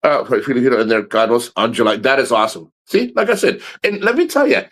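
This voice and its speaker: A middle-aged man talks straight into his streaming mic in a loose, rambling way. He is blunt and swears freely. His voice sits at an ordinary mid pitch. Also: animated, quick pace, a bit bright. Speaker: livestream host. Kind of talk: casual livestream talk.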